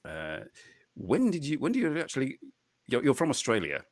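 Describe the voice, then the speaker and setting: A man hosting a live online interview chat over a video call, halting and repeating words, chuckling often. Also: mid-range voice, huge pitch swings, no echo, studio quality. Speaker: host.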